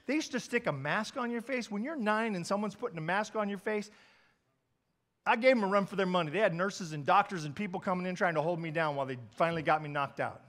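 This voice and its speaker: High-voiced pastor preaching with animated swings. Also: male voice, quick pace. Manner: animated storytelling, swings from loud to quiet. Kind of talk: sermon.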